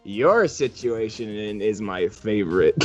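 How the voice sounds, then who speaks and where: A man's voice: on the low side, expressive, slow. A man narrating as game master of a tabletop game, teasing the players and laughing often. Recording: muffled lo-fi audio with faint music.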